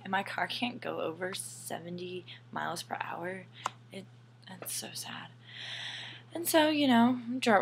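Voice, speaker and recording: A young woman telling a personal story in a casual, animated way, swearing often and dropping into whispered asides. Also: medium pitch, a little hiss or hum. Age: young adult.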